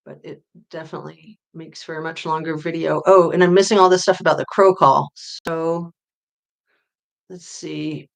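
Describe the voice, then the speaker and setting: Woman livestream host, casual and chatty, lower-pitched, reads chat aloud, lets phrase ends fade. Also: steady tone, normal speed, gravelly. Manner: chatty, reads viewer comments aloud and answers them; voice often drops off quietly at phrase ends. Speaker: true-crime livestream host.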